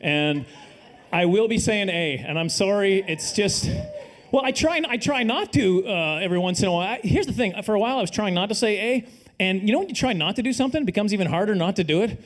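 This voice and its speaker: A middle-aged Canadian man doing a live stand-up set, dry and self-deprecating, now and then bursting into loud put-on voices. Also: high voice, lively intonation, quick pace. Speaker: stand-up comedian. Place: comedy stage before a live audience.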